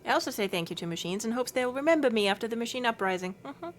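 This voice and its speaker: A woman's voice: on the high side, animated, rapid-fire, a little hiss or hum. Chatty, giggly woman streamer. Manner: chatty and giggly, baby-talking to her cat. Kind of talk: casual chat with stream chat.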